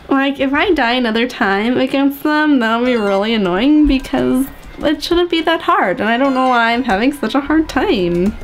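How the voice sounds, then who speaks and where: High-voiced chatty young woman gamer. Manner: chatty, exclamatory, many "like"s. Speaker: gaming video host. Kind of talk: let's play commentary.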